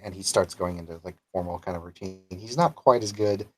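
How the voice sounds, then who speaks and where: A man's voice: low voice, fairly quick, few pauses. A man narrating as game master, hesitant with many fillers.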